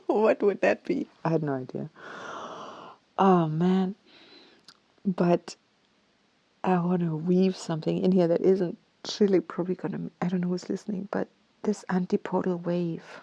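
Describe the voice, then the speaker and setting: Husky woman thinking aloud. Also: fairly low pitch, measured pace, darkish tone. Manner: laughs often, thinks aloud, drops into whispers. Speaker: podcast host. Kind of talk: casual solo talk.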